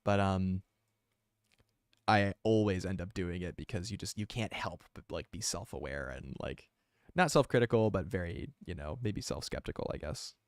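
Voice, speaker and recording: A male artist talks through his drawing on a live stream, rambling and self-aware, with plenty of fillers. His voice sits somewhat low and sounds smooth. The desk mic gives a dry, close sound. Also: normal speed, no room sound. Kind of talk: casual live-stream chat while drawing.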